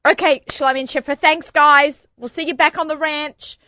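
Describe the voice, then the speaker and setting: A woman's voice: high voice, fairly even intonation, normal speed, dry recording. Bubbly Australian woman hosting radio. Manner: bubbly, laughs often, chatty. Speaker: radio show host. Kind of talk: casual radio interview. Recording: dull lo-fi studio sound, dry.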